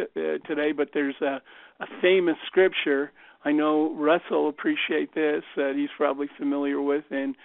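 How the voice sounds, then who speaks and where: Man, from Canada, motivational storyteller, casual, rambling, gravelly, dry close sound. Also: on the high side, no echo. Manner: casual and rambling, with frequent fillers. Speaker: speaker on a team call. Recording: tinny phone line.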